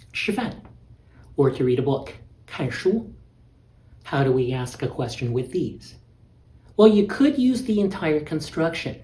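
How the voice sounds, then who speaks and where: A male language teacher delivers an explanatory lecture patiently and methodically, putting stress on key words. His voice is on the high side and a little mellow, recorded in an echoey room.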